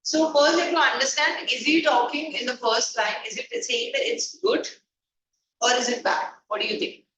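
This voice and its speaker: A higher-voiced woman with an Indian English accent teaches an online class, quizzing her students and mixing in Hindi phrases. Her voice comes across a video call, distant and heavily echoey. A steady hiss of noise sits underneath. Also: normal speed.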